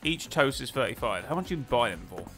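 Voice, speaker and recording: Guy chatting away over gameplay, excitable, mid pitch, faint music behind. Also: fast talker. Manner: chatty, excitable, self-talking with laughs. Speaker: gaming YouTuber. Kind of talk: casual gameplay commentary.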